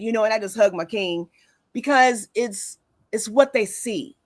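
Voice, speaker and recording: A woman in her forties hosts a wellness talk show, telling stories in a warm, casual way with many fillers. Her voice is fairly high and fairly quick, with no echo.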